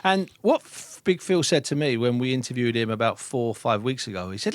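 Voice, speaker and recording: A middle-aged man, a boxing broadcaster, chatting on a podcast in an animated way that chimes in often. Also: no echo. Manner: animated, quick to chime in, with emphatic swings in pitch. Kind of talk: casual podcast chat.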